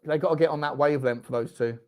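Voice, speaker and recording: A young man hosting a live football watchalong, reacting loudly, swearing and shouting at the game. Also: fairly high pitch, fast. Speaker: fan channel host. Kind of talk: live match watchalong commentary.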